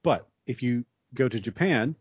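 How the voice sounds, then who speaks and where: A man's voice: medium pitch, animated, normal speed, breathy edge, no room sound. An American man explaining ideas thoughtfully in conversation, building his points with examples. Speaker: guest explaining psychology. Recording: dull lo-fi, dry sound.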